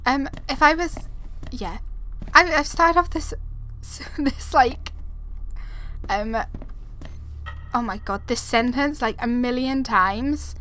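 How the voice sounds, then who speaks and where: High-voiced jittery young woman gamer. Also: slow, long pauses, a bit bright. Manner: frightened, rambling, repeats herself, talks to viewers. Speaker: gaming video creator. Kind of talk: live horror game commentary. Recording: noisy background.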